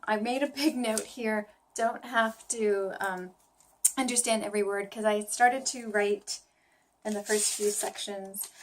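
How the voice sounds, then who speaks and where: A tired woman talking through her language study in a casual vlog, musing and questioning herself as she goes, with frequent pauses and fillers. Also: mid-range voice, a little hiss or hum. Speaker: language learner vlogger. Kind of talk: casual thinking-aloud vlog.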